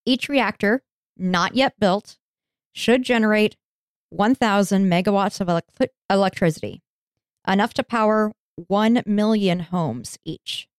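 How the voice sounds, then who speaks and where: A woman hosting a podcast, narrating history in a casual, chatty way with joking asides. Her voice is smooth and clear, and the recording is dry and close. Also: mid-range voice, lively intonation, measured pace, no room sound. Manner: laughs easily, jokey asides. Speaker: podcast host.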